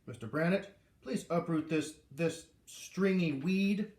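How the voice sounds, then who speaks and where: A man's voice: on the high side, takes it slowly, a little mellow, pitched above the performer's own voice. A man reading aloud, voicing a blustering, bullying corporate executive who hisses and snaps his threats, in a roomy recording. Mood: sneering. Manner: hissing, snapping, bullying. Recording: roomy echo.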